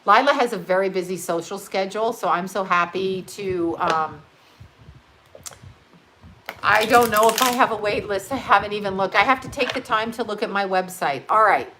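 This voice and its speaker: A woman's voice: mid-range voice, normal speed, sharp tone, slight background noise, low-quality recording. A middle-aged woman giving a casual astrology reading, chatty and rambling, swearing and laughing often, sounding tired. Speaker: psychic astrology reader.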